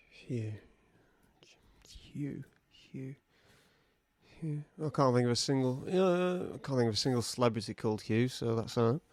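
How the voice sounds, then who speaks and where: A man's voice: mid-range voice, a little slow, long pauses. A man co-hosting a podcast, spinning a silly improvised story with lots of acted-out voices. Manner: animated, silly, acts out voices. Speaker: podcast co-host.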